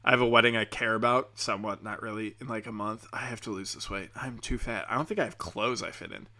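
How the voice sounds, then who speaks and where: A young man who has had a few drinks rambles through a crude, profane comic rant. His voice is bright and sharp, and his talk is full of fillers and restarts. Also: on the low side, fast talker. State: tipsy from drinking. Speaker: comedian and podcast host.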